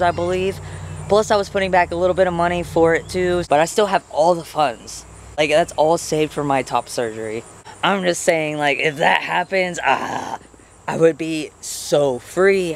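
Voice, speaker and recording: A young man with a fairly high voice chats into a handheld phone camera outdoors, rambling and earnest. Faint crickets and the odd passing vehicle sit behind him. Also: a little hiss or hum. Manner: rambling and earnest, voice jumps high when talking to pets. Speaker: vlogger. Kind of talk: casual vlog talk. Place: outdoors by a house and garden.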